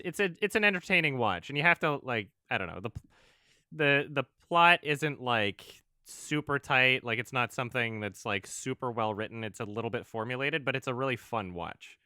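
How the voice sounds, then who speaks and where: Co-hosting a laid-back podcast, this man has a medium-pitched voice that's bright and clean with a crisp edge. He laughs readily, sounds at ease, and tends to drift off into filler words. The recording comes from a close, dry mic.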